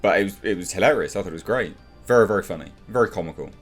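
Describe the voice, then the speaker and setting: A man's voice: racing, soft background music. A man reviewing a TV show in a ranting vlog, sarcastic and exasperated, swearing and repeating himself for emphasis. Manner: exasperated, sarcastic, mocks characters in high put-on voices.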